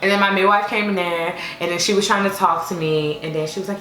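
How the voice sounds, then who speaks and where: A young adult woman telling a casual storytime to her viewers, chatty and expressive with many fillers. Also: lowish voice, quick pace. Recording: echoey room with faint music.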